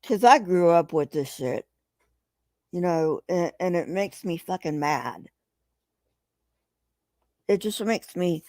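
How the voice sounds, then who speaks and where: A woman hosting a livestream speaks slowly and deliberately, in a dry, close-miked sound with no room echo. She talks straight to her chat, emphatic and profane, with a heated, agitated edge. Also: fairly low pitch, expressive, darkish tone. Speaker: livestream host reading chat. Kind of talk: casual livestream commentary.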